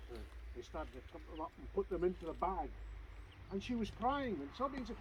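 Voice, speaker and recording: Lively Scottish storyteller outdoors. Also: male voice, sits high, fairly quick, a little hiss or hum, low-quality recording. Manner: lively, conversational with asides. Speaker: clan society vice president. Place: outdoors by a standing stone.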